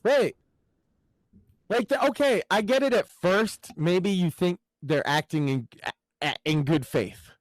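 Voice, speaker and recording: A man's voice: high voice, a little slow, dry recording, poor audio. A man filling in as podcast host, talking in a casual, profane, mocking way about politics.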